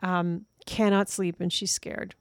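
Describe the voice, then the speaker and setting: A woman co-hosting a casual movie review chat, animated and laughing often as she recounts favorite scenes. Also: lowish voice, slow pace, clean tone, dry recording, clean studio sound. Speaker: podcast co-host.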